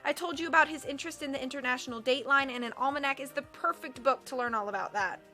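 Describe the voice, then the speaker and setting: A woman reading aloud and voicing a mild, meek husband who speaks gently and apologetically. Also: high voice, fast, faint music behind. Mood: apologetic. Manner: soft-spoken, apologetic. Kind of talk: audiobook character voice.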